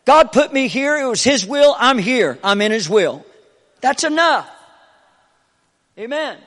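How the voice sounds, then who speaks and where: A man preaching a Pentecostal sermon from the pulpit, repeating short call-outs to the congregation and swinging between soft talk and fervent preaching. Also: very high-pitched, very animated, measured pace, in a large hall. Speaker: pastor. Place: church sanctuary.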